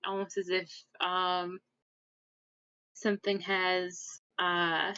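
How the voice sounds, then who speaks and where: A woman's voice: lowish voice, level tone, extremely slow, pushed and bright, clear, resonant tone, no room sound. A woman narrating as game master, describing scenes thoughtfully with frequent fillers, on dull lo-fi audio.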